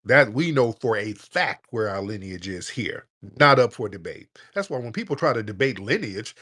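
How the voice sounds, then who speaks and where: Blunt, profane male host ranting on a live audio show; lively, swooping delivery. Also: mid-range voice, moderate pace, husky. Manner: blunt, profane, animated rant. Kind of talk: casual live audio chat.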